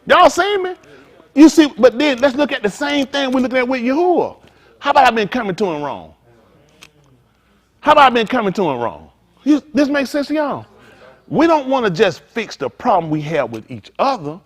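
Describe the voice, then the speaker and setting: Lively high-voiced preaching man. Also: normal speed. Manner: animated, conversational, acts out dialogues. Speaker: pastor. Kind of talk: informal preaching to a congregation.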